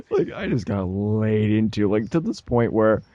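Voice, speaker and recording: Speaking slowly in a fairly low voice, this young co-host animatedly recounts a story on his podcast. He breaks into laughter mid-story and does voices for the characters, and the highs in the audio are cut off.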